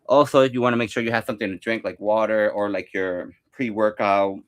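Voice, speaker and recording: A man's voice: fairly low pitch, fairly even intonation, fairly quick. Rambling young man counting workout reps. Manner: loose and rambling, filler-heavy, counting reps aloud. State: out of breath at times. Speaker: fitness vlogger. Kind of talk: casual workout demonstration.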